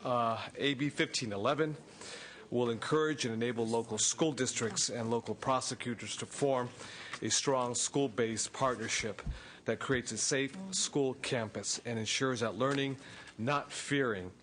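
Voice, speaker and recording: A man's voice: medium pitch, unhurried, fairly bright tone. A man presenting a bill to a legislative committee, out of breath and earnest, with frequent fillers and restarts. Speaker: state assemblyman presenting a bill. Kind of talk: formal legislative testimony. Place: legislative committee hearing room.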